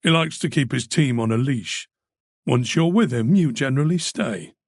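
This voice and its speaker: A man doing a gruff veteran detective, blunt and dry. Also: mid-range voice, animated, normal speed, no room sound.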